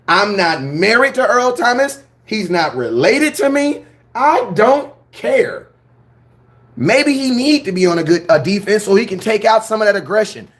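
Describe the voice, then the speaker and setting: A man hosting a sports fan channel, ranting his opinions in a blunt, slangy, animated way. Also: sits high. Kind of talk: fired-up sports opinion rant.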